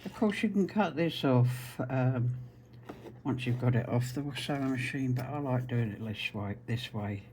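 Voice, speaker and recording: A man with an Essex accent talks through a quilting demonstration in a chatty, wandering way, sitting at a middle pitch. Faint noise hums underneath his voice. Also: moderate pace. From South Essex, England. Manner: chatty, rambling. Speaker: quilting tutor. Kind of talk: casual sewing demonstration.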